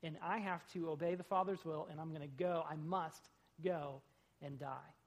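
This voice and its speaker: Animated male pastor preaching a sermon. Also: moderate pace. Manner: animated, swells loud on quotes and drops low. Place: church sanctuary.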